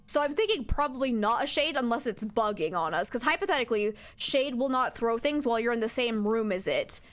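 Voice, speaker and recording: A woman's voice: fairly high pitch, expressive, fairly quick. A young woman streaming a horror game, chatting to her viewers and talking back to the ghost with jumpy outbursts. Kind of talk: live game commentary.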